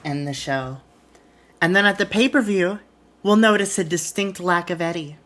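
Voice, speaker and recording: A woman's voice: fairly low pitch, moderate pace, a bit bright. A woman streamer casually narrating a wrestling booking game, retelling scenes in a chatty way.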